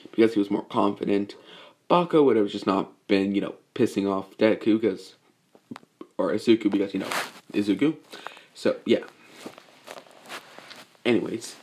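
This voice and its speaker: A man's voice: on the low side, a little mellow. A young man improvising a fan-made story, rambling and restarting with lots of fillers. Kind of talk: improvised fan-fiction narration.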